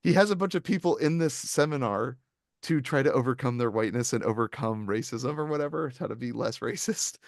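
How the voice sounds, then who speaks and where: A man's voice: medium pitch, brisk, no echo. A male podcast co-host chatting casually about films, rambling through long stories full of fillers and restarts. His voice sits in a middle register, and the sound is dry and close. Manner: rambling, animated storytelling with frequent fillers. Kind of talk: casual movie review chat.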